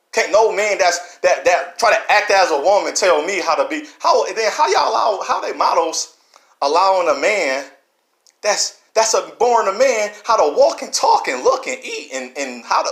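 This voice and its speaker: A man giving an impassioned, preachy monologue to camera, repeating himself and swinging between loud and low. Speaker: vlogger. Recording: roomy echo.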